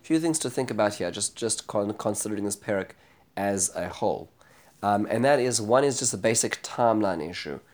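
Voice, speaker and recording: A man giving a spoken lecture on scripture. He is animated, turns dramatic when he retells speeches, and often restarts and corrects himself. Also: lowish voice, a little fast. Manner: frequent restarts and self-corrections. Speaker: Bible teacher.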